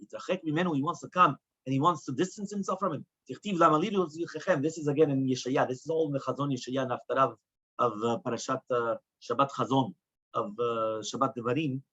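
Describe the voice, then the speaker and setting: A man's voice: mid-range voice, fairly even intonation, fast talker, sharp tone, breathy edge, dull audio. A man teaching a Talmud lesson as a rabbi, asking rhetorical questions and moving between Hebrew and English. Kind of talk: Talmud lecture.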